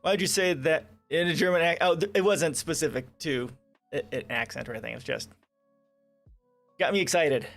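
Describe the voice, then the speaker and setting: A man's voice: a little high, fast talker, gravelly, fairly bright tone, soft background music. A man hosting a casual political livestream, reading articles aloud and breaking off into sarcastic, profane rants. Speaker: livestream host. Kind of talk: casual political commentary stream.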